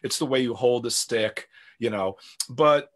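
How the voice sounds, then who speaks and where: A middle-aged man talking casually as an interview guest. He rambles and restarts often, leaning on "you know" between thoughts. His voice sits at an ordinary middle pitch. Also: a little slow, a bit bright. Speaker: guest drummer.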